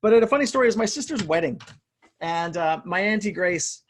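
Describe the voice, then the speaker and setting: High-voiced energetic motivational speaker. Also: male voice, brisk, a little hiss or hum. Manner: energetic, repeats words, addresses listeners as "you guys". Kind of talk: live online motivational talk.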